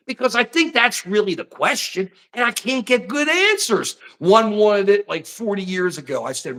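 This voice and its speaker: A man hosting a casual political talk show, getting worked up and animated as he argues. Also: high-pitched, moderate pace, few pauses. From United States. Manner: animated, talks himself into fervor. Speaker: host.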